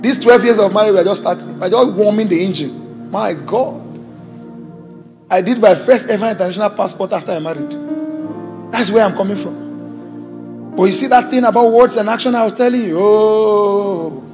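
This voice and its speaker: A Nigerian man with a high voice preaches with exuberant, exclaiming energy and jokes with the congregation. His voice rings through a large hall with a long echo, and soft music sits beneath it. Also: normal speed, long pauses. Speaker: pastor. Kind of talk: preaching a sermon. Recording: hall reverb with faint music.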